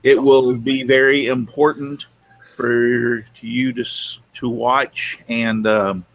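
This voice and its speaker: A man speaks at a middle pitch. He co-hosts a casual live stream, rambling and repeating words as he goes. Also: flat delivery, slow, no room sound. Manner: rambling, repeats himself, laughs often. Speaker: co-host.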